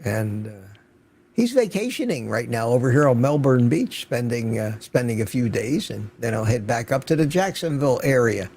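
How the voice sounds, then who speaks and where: A man's voice: mid-range voice, expressive, normal speed, a little mellow, husky. An older man hosting an unscripted livestream, chatting casually and greeting viewers by name from the chat. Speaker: livestream host.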